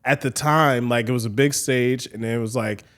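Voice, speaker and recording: Man telling a rambling story, mid-pitched. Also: fairly even intonation, moderate pace, a bit bright. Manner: rambling, full of "like" and "you know". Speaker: guest DJ. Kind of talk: casual interview storytelling.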